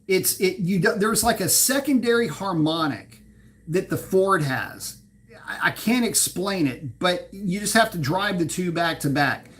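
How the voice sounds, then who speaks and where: A man with a slightly higher voice hosts a relaxed livestream about cars. He reads chat comments aloud and answers them in a loose, chatty way, with plenty of fillers, the odd curse and a laugh at his own mistakes. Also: unhurried. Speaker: livestream host reading chat.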